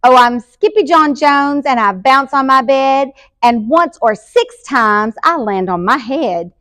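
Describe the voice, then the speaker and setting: A woman playing a bouncy, excitable boy kitten. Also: high-pitched, unhurried, dry recording, studio quality. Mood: excited. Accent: put-on Spanish. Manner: bouncy, exclaiming, sing-song. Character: excitable boy kitten who thinks he's a dog.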